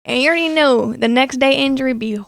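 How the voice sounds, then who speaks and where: A young woman co-hosting a podcast, telling an animated story in casual chat and calling people "bro". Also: high voice, fast, creaky, no echo, clean studio sound. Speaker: podcast co-host.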